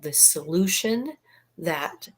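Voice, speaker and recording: A woman's voice: fairly low pitch, animated, takes it slowly. A woman in a casual chat, explaining astrology in a flowing, reflective way. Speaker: astrologer guest.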